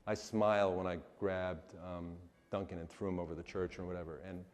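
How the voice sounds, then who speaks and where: A man's voice: deep voice, little pitch movement, a little fast, a little mellow, in a large hall. A man, an actor, telling blunt stories in a documentary interview, laughing now and then.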